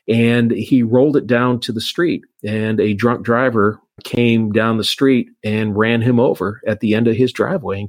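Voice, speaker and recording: A man's voice: lowish voice, no room sound. A man who works as an insurance agent, telling a long personal story in a casual, rambling way with frequent restarts. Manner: anecdotal, many restarts.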